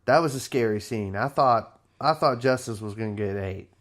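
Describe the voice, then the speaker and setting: A man co-hosting a podcast, casually retelling a film plot in a slangy, relaxed way. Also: medium pitch, moderate pace. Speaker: podcast co-host. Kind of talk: casual chat.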